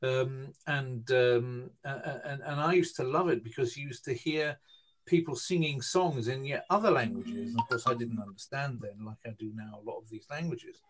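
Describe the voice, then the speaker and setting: A man in his fifties from northern England, speaking, telling a long personal story in a relaxed interview, with lots of fillers and restarts. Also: medium pitch, normal speed, soft background music. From Newcastle, northern England. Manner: rambling, hesitant, with many fillers and restarts. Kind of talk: casual storytelling conversation.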